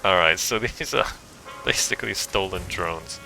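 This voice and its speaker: Gravelly, bright-toned man reading game text. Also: low voice, normal speed, soft background music, low-quality recording. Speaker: game streamer.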